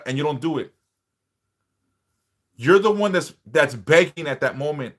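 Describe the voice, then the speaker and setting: A man's voice: fairly high pitch, normal speed, long pauses, fairly bright tone. A man hosting a live stream, lecturing bluntly and profanely, driving his points home with repetition and rhetorical questions. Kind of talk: unscripted live-stream monologue.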